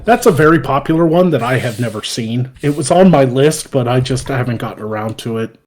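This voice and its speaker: A man with a husky, breathy voice talks in a loose, unscripted podcast conversation. He is profane and animated, and he bursts into loud laughter while he tells stories. His pitch sits in an ordinary middle range. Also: fairly quick. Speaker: podcast host. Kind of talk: casual chat.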